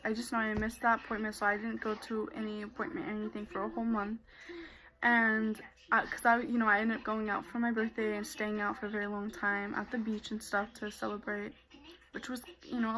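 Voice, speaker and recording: A woman's voice: a little high, fairly bright tone, poor audio. A young woman vlogger telling a personal story in a casual way, full of fillers. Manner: casual, many fillers like "like" and "you know".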